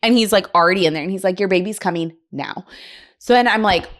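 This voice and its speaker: Talking quickly in a medium-pitched voice, a young woman hosting a podcast recounts a story in a relaxed, chatty way. She acts out each character's voice with lots of energy and frequent laughter.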